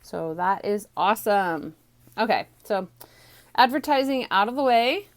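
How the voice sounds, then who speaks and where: A woman's voice: medium pitch, expressive, a little slow. A woman teaching a stamping card class from home, chatty and rambling with many ums, a little out of breath, recorded on a phone on a small tripod. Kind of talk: casual craft tutorial.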